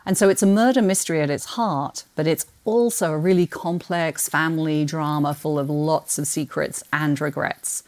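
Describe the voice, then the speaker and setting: A woman's voice: low voice, steady tone, normal speed, few pauses, a little mellow. A British woman with a trace of an Australian twang, a podcast guest who describes books with enthusiasm and laughs often. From Britain. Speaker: guest, book marketing executive. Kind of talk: casual podcast conversation.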